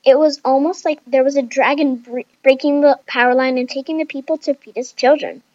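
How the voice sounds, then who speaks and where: Brief: high-pitched woman reading a story aloud, careful and measured, dull recording. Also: steady tone, darkish tone, dry recording. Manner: reads lists of traits slowly and carefully.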